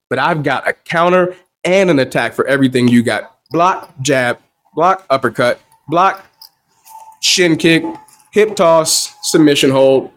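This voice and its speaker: A young man hosting a podcast, telling a personal story in a wry, animated way and quoting the back-and-forth. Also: a little high. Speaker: podcast host. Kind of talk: solo storytelling monologue.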